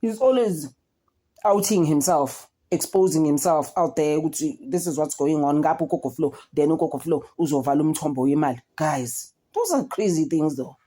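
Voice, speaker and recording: A young South African woman talks through a reality show in a loose, gossipy way, often turning to her viewers. Her voice sits low and has a dark, mellow tone. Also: moderate pace. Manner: chatty, code-switching, animated gossip with frequent "guys" and laughs. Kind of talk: casual chat.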